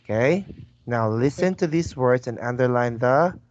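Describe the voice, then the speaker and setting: A man's voice: medium pitch, lively intonation, moderate pace, darkish tone. A man teaching an online English lesson, patiently prompting and repeating words for his student. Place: video call. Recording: dull lo-fi call audio.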